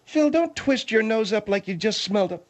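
Guy putting on a snooty prissy lady, picky about words, quick with insults. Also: sits high, animated, pitched above the performer's own voice. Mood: haughty. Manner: prissy, pompous about pronunciation. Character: haughty pretentious woman, snappish and insulting.

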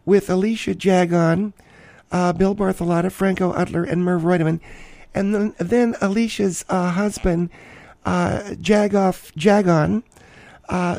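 A flamboyant woman podcast host, played by a man, gushes about herself in a high, soft-edged voice. She rambles theatrically in a dry, close recording. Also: dry recording. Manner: theatrical, rambling, gushing, self-important. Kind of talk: comic character monologue.

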